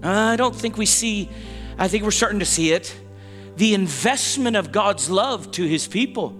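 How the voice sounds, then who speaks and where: A man's voice: sits high, lively intonation, normal speed, a bit bright, big-room sound, soft background music. A man preaching a sermon as pastor, talking in a conversational way that stops and restarts often, with asides to the congregation. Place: church sanctuary.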